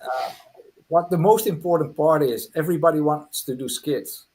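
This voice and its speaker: Man, hypnotist, husky, earnest, direct, video call mic. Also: a little high, normal speed, darkish tone. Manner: earnest, direct, giving advice. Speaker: guest hypnotist. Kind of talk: podcast advice talk and guided hypnosis.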